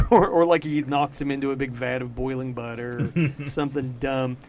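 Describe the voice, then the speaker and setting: A man co-hosting a podcast, chatting casually about comics in a loose, profane way, full of "like" fillers and quick laughs. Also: mid-range voice, steady tone, a little mellow, a little hiss or hum. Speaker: podcast co-host. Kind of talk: casual comic-book chat.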